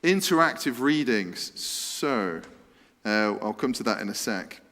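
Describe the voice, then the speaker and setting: An excitable, chatty man, giving a lively church talk that includes a quiz. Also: on the low side, measured pace. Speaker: preacher. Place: church hall. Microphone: handheld microphone. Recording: reverberant hall sound.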